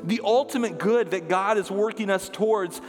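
A passionate middle-aged male pastor preaches with a notably high-pitched voice. His delivery is emphatic and driven, easing into soft, hushed lines. Music plays under him, and the church hall rings with a long reverb. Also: normal speed. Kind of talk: sermon. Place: church sanctuary.

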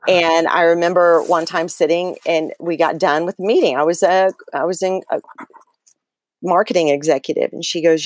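A middle-aged woman talks in an excitable, animated way as a podcast guest. Her voice sits a little low. The sound is dry and close. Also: fairly quick, no room sound. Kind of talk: casual faith interview.

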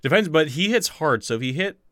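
A man's voice: a little high, animated, a little fast, a bit bright, no room sound, studio quality. A man running a tabletop game as game master, rambling with fillers, swearing casually and laughing often.

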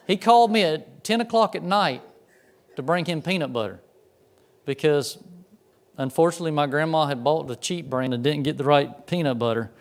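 A man's voice: a little high, moderate pace. A pastor preaching a sermon in a conversational way, often repeating words as he tells stories.

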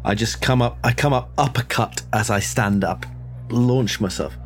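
A man playing a tabletop game, describing his character's moves in an animated, gleeful way. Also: medium pitch, normal speed, faint music behind. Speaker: player. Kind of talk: casual tabletop game play.

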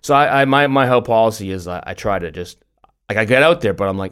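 A middle-aged man co-hosting a podcast, telling stories in an animated way with lots of restarts and laughs. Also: fairly low pitch, fast, clean tone. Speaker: podcast co-host. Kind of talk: casual chat.

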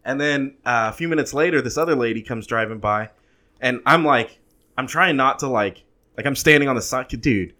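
A man's voice: mid-range voice, normal speed, bright, forceful tone. A man in his thirties telling a long, profane story in casual chat, with frequent restarts.

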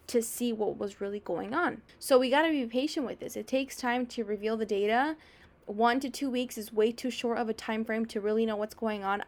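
A young adult woman hosting a podcast, talking casually and energetically about fitness, often acting out a client's inner voice. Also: fairly high pitch. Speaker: podcast host and fitness coach. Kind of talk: casual advice monologue.

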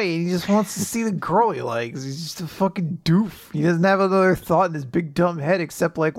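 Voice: mid-range voice, normal speed, few pauses. A podcast co-host in a casual chat, reacting playfully with laughter and casual swearing.

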